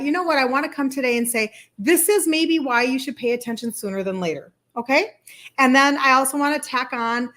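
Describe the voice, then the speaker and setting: A woman in her fifties with a Minnesota accent hosts a casual live stream. Her voice sits a little high. She talks in a chatty, excited, rambling way. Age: 50s. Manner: chatty and enthusiastic, greets viewers, rambling asides. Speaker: health coach livestream host.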